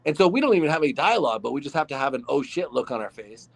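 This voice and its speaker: A man from Arizona, an actor guest on a podcast, telling behind-the-scenes stories in a relaxed, rambling way with lots of fillers. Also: a little high, rapid-fire, creaky. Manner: relaxed storytelling with many fillers. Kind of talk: casual podcast interview.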